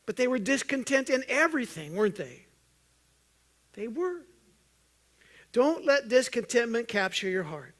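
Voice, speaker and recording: A man preaching a sermon as pastor, earnest and urging, at times loud and at times hushed, joking with the congregation. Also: big pitch swings, unhurried, long pauses. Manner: earnest, swings from loud emphatic urging to soft low intensity; jokes with the congregation.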